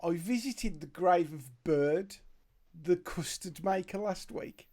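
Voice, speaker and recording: A man in a relaxed group show, reading out viewer comments in a dry, amused way. He talks slowly and unhurriedly. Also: high-pitched. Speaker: co-host reading chat messages. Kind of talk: casual group chat.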